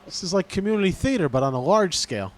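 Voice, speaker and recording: A man jokes through quick podcast banter. His voice sits on the high side and swoops widely in pitch. He laughs easily as he reacts to his co-host. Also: big pitch swings. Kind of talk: casual podcast chat.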